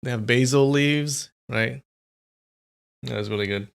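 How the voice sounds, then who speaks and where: Chatty young man with a gravelly voice. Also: mid-range voice, unhurried. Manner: chatty, rambling, answers chat. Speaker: streamer. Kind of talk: casual live-stream chat.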